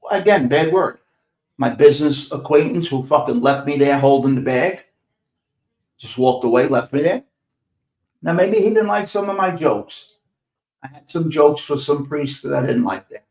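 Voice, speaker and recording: A man's voice: on the high side, gravelly, darkish tone. An older man with a New York accent, telling street stories on his podcast in a blunt, profane, sarcastic way. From New York City. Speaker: podcast host. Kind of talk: profane storytelling monologue. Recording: echoey room.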